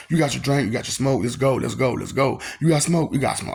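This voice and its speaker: A man's voice: mid-range voice, expressive, fairly quick, gravelly, few pauses, a little mellow, slightly rough. A man talking in a freewheeling, taunting monologue, repeating lines and laughing often.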